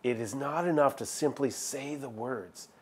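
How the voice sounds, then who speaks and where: A man's voice: medium pitch, normal speed, breathy edge. A male pastor giving a sermon in a conversational style, stressing key words with emphatic repetition. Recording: filmed sermon video.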